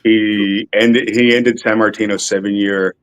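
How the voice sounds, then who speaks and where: A man's voice: fairly low pitch, level tone, unhurried, clear, resonant tone, dry recording, poor audio. A man chatting casually on a podcast, offhand and blunt, with a bit of swearing and hunting for words. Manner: offhand, swears, loses his train of thought. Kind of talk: casual chat.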